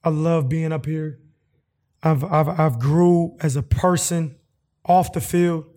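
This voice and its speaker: Earnest, halting man with higher pitch. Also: steady tone, mellow. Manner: halting, repeats words, earnest. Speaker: football player. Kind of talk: reflective interview answer.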